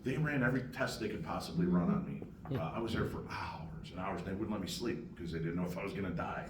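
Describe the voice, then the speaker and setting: An older man telling an animated story on a convention panel and acting out other people's lines, heard from far off in a noisy room. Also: deep voice, fast talker. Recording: echoey hall from far off, noisy.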